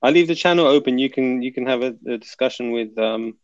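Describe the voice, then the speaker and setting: A man's voice: medium pitch, a little fast, no echo, lo-fi sound. A man hosting a live stream, chatting casually and reading out viewer comments in a laid-back, joking way.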